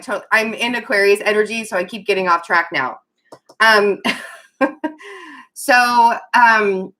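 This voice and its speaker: Speaking to her viewers, a woman gives a casual tarot reading in a bright, forward, mid-range voice. She rambles, loses her train of thought, laughs nervously and keeps apologizing.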